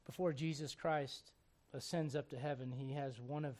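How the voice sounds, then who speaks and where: A man's voice: mid-range voice, steady tone, moderate pace, a little mellow. Storytelling preacher, man. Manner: storytelling preacher, voices biblical figures in casual speech. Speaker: pastor. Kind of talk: sermon.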